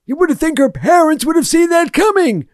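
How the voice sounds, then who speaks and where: A man voicing a slow, muddled, forgetful hotel bell captain in a comedy sketch, speaking in vague deadpan non sequiturs. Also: extremely high pitch, dry recording, studio quality. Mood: dim.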